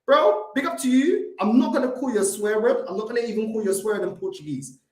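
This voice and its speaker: A man's voice: sits high, lively intonation, fast talker. Fired-up London man ranting, echoey room. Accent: London English. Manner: confrontational, swearing, repeats himself. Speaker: fan channel host. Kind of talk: heated live-stream rant.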